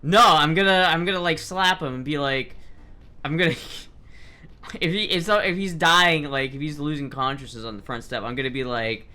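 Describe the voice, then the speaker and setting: A young man livestreaming, chatting casually and reading chat aloud in a loose, profane, animated way. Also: on the high side, normal speed. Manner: loose, profane, animated, with frequent restarts and laughs. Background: faint background music.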